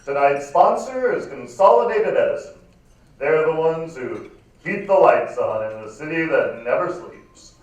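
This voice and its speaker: A man voicing a smooth 1950s radio ballroom host with a baritone announcer delivery, loud and drawn out, read live on stage in a large hall. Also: animated, a little slow. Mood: showy, suave. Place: large performing arts hall. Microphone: far camera. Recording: echoey hall from far off.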